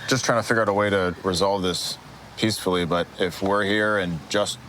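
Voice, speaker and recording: A male sheriff's deputy speaks calmly and politely in a somewhat low voice. Faint outdoor noise lies under his words. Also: brisk, poor audio. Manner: calm, polite. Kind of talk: unscripted reality footage.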